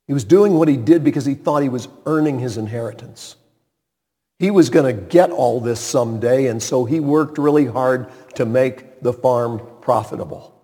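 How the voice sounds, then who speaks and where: In a reverberant hall, a pastor with a warm, medium-pitched voice delivers a sermon at a moderate pace. He retells a story with dramatic emphasis, breaking into sudden emphatic peaks.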